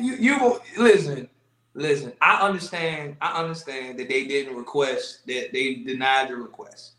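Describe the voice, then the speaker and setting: A man co-hosting a podcast, animated and joking in heavy slang, in casual banter. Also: medium pitch, normal speed, echoey room, low-quality recording. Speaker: podcast co-host.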